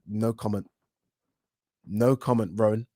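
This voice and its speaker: A man hosting a boxing channel, chatting casually on a live stream, reading viewer comments aloud and reacting with frank, animated opinions and the odd swear. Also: fairly low pitch, measured pace, no room sound, clean studio sound. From England.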